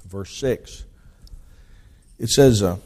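A man's voice: on the low side, extremely slow, a little mellow. A man preaching a sermon, reading scripture aloud with rising emphasis and explaining it in plain talk with restarts.

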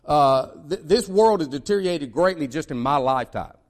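A man's voice: a little high, expressive, moderate pace. A man from the United States preaching a sermon, emphatic, with many repeated starts and dramatic swings in delivery.

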